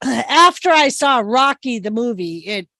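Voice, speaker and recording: A chatty woman with a Boston accent tells stories in an easy livestream chat. Her voice sits a little high. The sound is dry and close, with no room around it. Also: lively intonation, a little slow, bright, forceful tone, dry recording. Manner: chatty storyteller, acts out quotes. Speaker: co-host.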